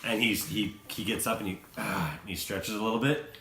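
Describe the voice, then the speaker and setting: A man narrating a tabletop game as game master, animated and often laughing between lines. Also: lowish voice, a little fast, creaky. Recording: echoey room, faint noise.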